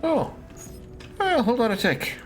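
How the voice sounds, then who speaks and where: A podcast co-host chatting casually while playing a video game, playful and quick to laugh. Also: medium pitch, wildly swooping pitch, fairly bright tone, soft background music. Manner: playful, laughs often, drifts into silly voices. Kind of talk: casual chat while gaming.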